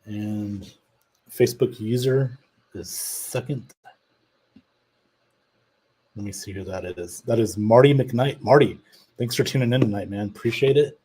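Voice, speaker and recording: A man's voice: fairly low pitch, unhurried, pauses often, warm tone, a little hiss or hum, low-quality recording. A man hosting a live show, chatting casually about his team and reading out viewer comments. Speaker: podcast host. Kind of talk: casual live-stream chat.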